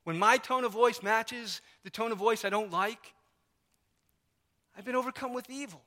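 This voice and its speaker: A man's voice: high voice, moderate pace, sharp tone. A man preaching a sermon as pastor in a church, in an emphatic, conversational way with lots of repetition. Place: church sanctuary. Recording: long reverb of a church hall.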